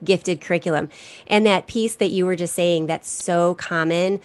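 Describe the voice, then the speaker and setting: A middle-aged woman speaking as a guest in a casual podcast conversation, chatty and animated with quick asides. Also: fairly low pitch. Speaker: guest, gifted education resource creator.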